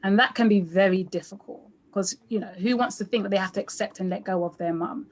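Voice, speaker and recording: A woman's voice: mid-range voice, fairly quick. A woman guest on a talk show who agrees with the others and responds in a reassuring way. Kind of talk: conversational talk show discussion.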